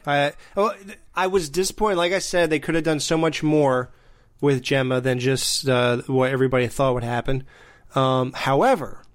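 A man's voice: medium pitch, moderate pace. A man in casual chat reviewing a TV show, talking animatedly and acting out scenes. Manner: animated, mimics scenes with swearing.

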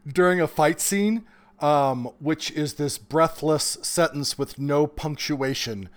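A man in his forties, an author talking as a guest in a casual interview, animated and quick to laugh. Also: fairly high pitch. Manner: animated storyteller, bursts of laughter.

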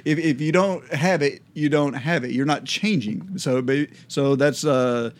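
Casual man co-hosting a theology chat. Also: a little high. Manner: quick, laughs often, loose restarts. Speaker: podcast co-host.

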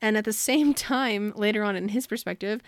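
A woman's voice: medium pitch, brisk, dry recording, clean studio sound. A woman co-hosting a book podcast, chatting casually and animatedly as she retells scenes and acts out the characters' lines. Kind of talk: casual chat.

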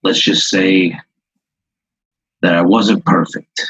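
A man voicing a sad, slow-talking man's soul trapped inside a coffee mug. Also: deep voice, fairly even intonation, a bit bright, slightly rough, no room sound, highs cut off, exaggerated voice. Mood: weary. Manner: slow, hesitant, regretful.

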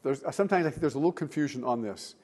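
Preaching very fast in a medium-pitched voice, a male pastor animates his church sermon by alternating loud, emphatic lines with quiet asides.

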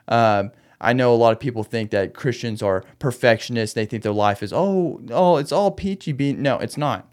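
A man hosting a solo late-night podcast, venting in a rambling, restless way and laughing through his anger. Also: medium pitch. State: agitated, wound up. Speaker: podcast host. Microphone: podcast microphone.

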